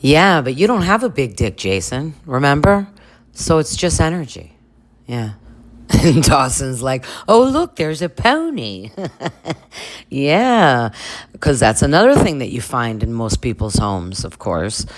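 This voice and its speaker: A woman's voice: rumbling low, big pitch swings, takes it slowly. A woman in her forties giving campy, sarcastic commentary on a reality show. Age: 40s. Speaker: reaction channel host.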